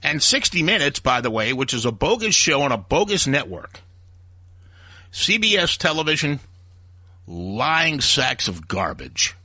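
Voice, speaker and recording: A man's voice: mid-range voice, very animated, unhurried, pushed and bright, no echo, studio quality. A man hosting a talk radio show, delivering a heated, opinionated rant. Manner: ranting, heated, acts out quoted voices.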